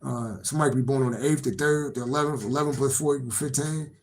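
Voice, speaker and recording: A man's voice: mid-range voice, steady tone, quick pace, a little hiss or hum, low-quality recording. A man doing a casual live-stream tarot reading, rambling and repetitive, swearing freely and laughing to himself. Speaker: tarot reader.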